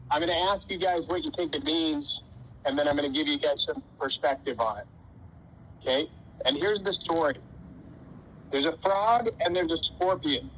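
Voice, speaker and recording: A man with a fairly high voice talks to his wrestlers like a laid-back coach. He tells a fable in a loose, slangy way, with dude and man thrown in, and stops to quiz the boys. A little noise sits faintly behind him. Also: bright, forceful tone, poor audio. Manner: folksy, uses dude and man, voices characters casually. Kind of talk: motivational storytelling talk.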